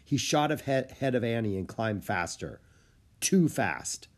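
A man narrating a children's book with lively storytelling. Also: mid-range voice, a little slow. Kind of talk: audiobook reading of a children's book.

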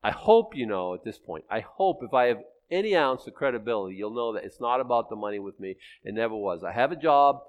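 A man preaching a sermon in a fast, conversational, emphatic way. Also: medium pitch, very animated, lo-fi sound. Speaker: pastor.

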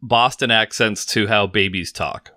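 A man's voice: on the low side, measured pace, bright, forceful tone. A man with a Pacific Northwest accent co-hosting a podcast in casual chat, teasing his friend and explaining things matter-of-factly. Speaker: podcast co-host.

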